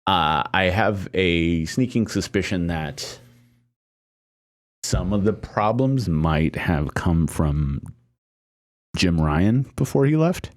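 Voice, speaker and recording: A man co-hosting a casual podcast discussion, talking in a hesitant, measured way with frequent fillers and restarts. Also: sits low, lively intonation. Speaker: podcast co-host.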